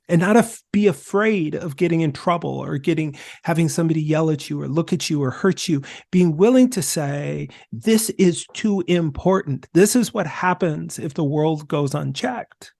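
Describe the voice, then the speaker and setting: Man, gravelly voice, emphatic storytelling, dry close sound. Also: on the high side, a little mellow, no room sound. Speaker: podcast guest. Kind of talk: conversational discussion.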